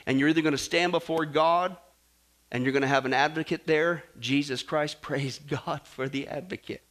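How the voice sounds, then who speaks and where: A man preaching a sermon, animated and jokey, acting out stories and swinging between loud and soft. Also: a little high, normal speed. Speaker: pastor.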